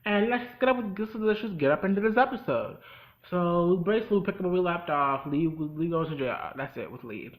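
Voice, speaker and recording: A man's voice: sits high, animated, brisk, low-quality recording. A young man hosting a casual recap of a TV episode, chatty and full of sassy asides. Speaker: host.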